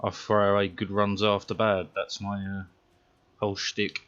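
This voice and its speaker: A man's voice: on the low side, completely flat delivery, moderate pace, fairly bright tone, muffled recording. A man with a British accent, chatting casually and swearing while he plays a racing game, mocking his own mistakes. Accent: British English. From Britain. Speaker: streamer. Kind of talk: casual gameplay commentary.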